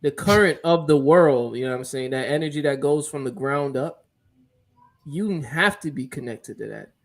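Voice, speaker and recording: A man's voice: mid-range voice, animated, moderate pace. A man co-hosting a barbershop podcast, making points earnestly and checking that listeners follow. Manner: earnest, lecturing, often asks "you get what I'm saying?". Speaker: podcast co-host. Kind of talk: casual barbershop chat.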